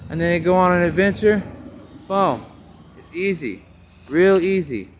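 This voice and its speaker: A man with a slightly raised pitch rambles from one thought to the next, punning on store names as he goes. He is recorded outdoors on a town street, with a faint wash of traffic behind him. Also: expressive, measured pace. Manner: rambling, free-associating, wordplay on signs.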